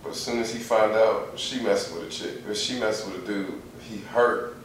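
A man's voice: lowish voice, fairly even intonation, moderate pace, heavy reverb, distant mic, slight background noise, rough recording. A man in casual podcast chat, slangy and laid-back.

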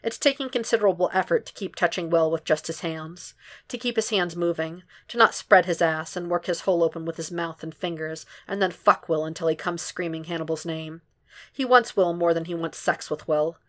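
A woman narrating a fan fiction audiobook in a steady, unhurried way. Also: on the low side. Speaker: podfic reader.

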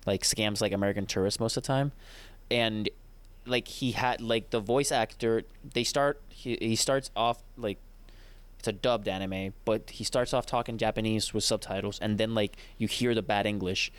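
A man's voice: fairly low pitch, fairly even intonation, moderate pace, smooth. A young man in casual chat, rambling and joking with friends, laughing often.

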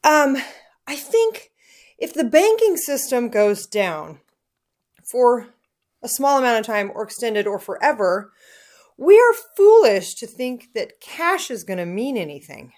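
Blunt, animated woman, casual chat. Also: a little high, measured pace. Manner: blunt, animated, swears freely.

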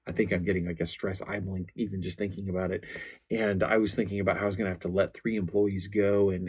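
A deep-voiced man in his forties talks earnestly about marriage from a faith angle, his tone gravelly and a little husky. He tells personal stories candidly, often restarting his sentences. His pitch stays low and fairly even throughout. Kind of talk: faith-based marriage talk.

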